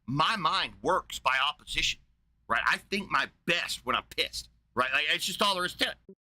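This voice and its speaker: A man's voice: on the high side, lively intonation, moderate pace, pushed and bright, dry recording. A man streaming a casual, profane rant in a blunt, combative way.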